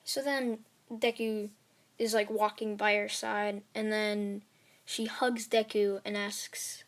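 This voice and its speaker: A woman's voice: mid-range voice, flat delivery, slow pace. A woman casually retelling a fan-made story, rambling with many fillers and restarts.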